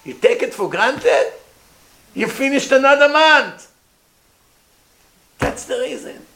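A man's voice: very high-pitched, slow pace. Guy teaching torah to a group, asks them questions, voice bounces round the room. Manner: animated, asks the listeners questions, acts out voices. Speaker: rabbi giving a Torah class. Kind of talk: informal Torah lecture to a live group. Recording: echoey room, faint noise.

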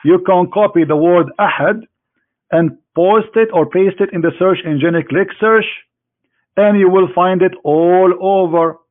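With a high-sitting voice and a measured pace, a host argues religion with a caller over phone-like narrow-band audio. His tone is mocking and teasing, and he repeats phrases for emphasis.

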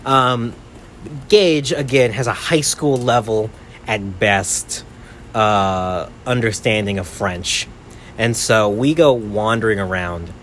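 A man's voice: fairly low pitch, slow pace, fairly bright tone, slight background noise. A young man and podcast host telling a travel story in a rambling casual way, full of "like" and "right?".

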